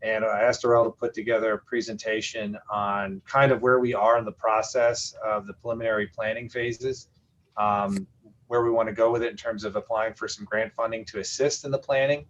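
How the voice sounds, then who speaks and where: A county official at a committee meeting introducing a colleague's presentation, speaking haltingly with many fillers and restarts. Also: male voice, on the low side, fairly even intonation, fairly bright tone, muffled recording, a little hiss or hum.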